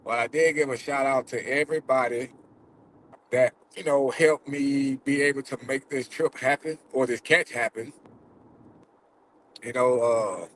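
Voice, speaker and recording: A man's voice: medium pitch, fairly even intonation, a little slow, fairly bright tone, a little hiss or hum, low-quality recording. Man fighting back tears while talking. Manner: loose and profane, many fillers. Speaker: vlogger who catches predators. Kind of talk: casual vlog talk to viewers. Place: in a car while driving.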